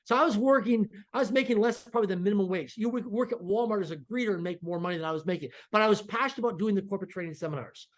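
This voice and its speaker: Fast-talking man telling a lively story. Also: sits high. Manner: animated, acts out dialogue in quotes. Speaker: podcast guest. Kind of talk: energetic storytelling.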